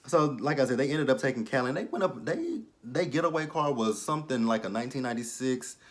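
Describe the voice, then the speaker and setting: Young guy ranting through a tv episode recap at home, lots of cussing, does little voices for the characters, middle-pitched voice. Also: fast. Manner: animated, profane, acts out the characters' lines. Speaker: TV episode reviewer. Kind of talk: casual recap and commentary.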